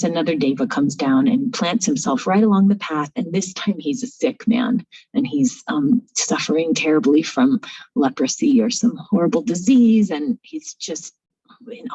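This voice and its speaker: Woman storyteller, low raspy voice, chatty and animated, dull dry sound. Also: unhurried. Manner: animated, informal, many fillers. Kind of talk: spoken storytelling.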